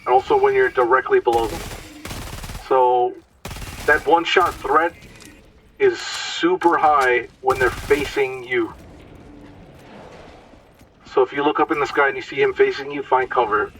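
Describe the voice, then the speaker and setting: A man's voice: mid-range voice, a little slow, pauses often, fairly bright tone, distant mic, a little hiss or hum, rough recording. A man giving casual, explanatory commentary over his gameplay, sometimes stumbling over words.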